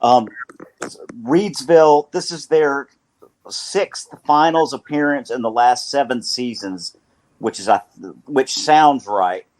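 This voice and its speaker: A man's voice: mid-range voice, slow pace. A man hosting a sports radio show with a North Carolina accent, talking in a playful, rambling way and correcting himself as he goes.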